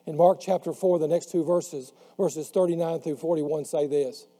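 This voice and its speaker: A man preaching a sermon who slows down and drops his voice on the words he wants to stress. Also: on the high side, dark tone. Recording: long hall reverb.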